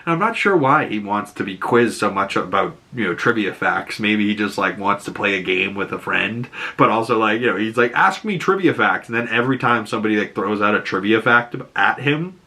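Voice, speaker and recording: A young man hosting a casual reaction recap, excitable, laughing often and acting out lines as he talks. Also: on the low side, a little fast, few pauses. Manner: excitable, laughing, acts out quotes. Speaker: reaction channel host.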